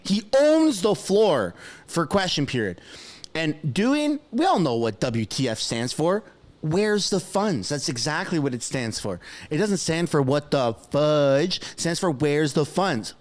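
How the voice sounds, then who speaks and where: A man commentating live on a stream, excitable, shouting and laughing as he reacts. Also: on the high side.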